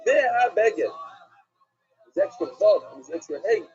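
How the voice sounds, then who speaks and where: A man, a rabbi, giving an animated Talmud class lecture, asking and answering questions with emphasis. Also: high-pitched, unhurried. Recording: dull lo-fi recording with faint music.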